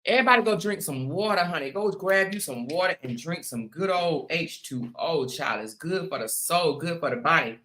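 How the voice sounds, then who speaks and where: Raspy, chatty woman livestream host. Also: sits low, normal speed, hardly any pauses. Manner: chatty, animated, calls viewers honey and child. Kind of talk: casual livestream chat. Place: at home.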